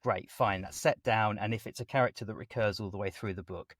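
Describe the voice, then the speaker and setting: A man speaking as a guest voice actor in a conversational interview, chatty and animated as he explains his work at length. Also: lowish voice, a little fast, husky.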